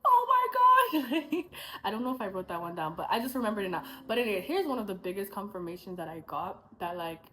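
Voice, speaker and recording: A woman's voice: medium pitch, animated, quick pace, few pauses, low-quality recording. A young woman in a casual vlog, telling her faith testimony as a rambling story. She adds asides, corrects herself and acts out what she and others said. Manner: chatty storytelling, acting out her own past dialogue.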